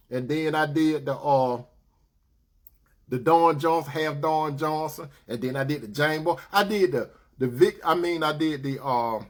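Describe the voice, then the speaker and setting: A man's voice: on the high side, fairly bright tone. A man telling a story casually and playfully to his viewers, acting out both sides of the talk. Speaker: advice talk host.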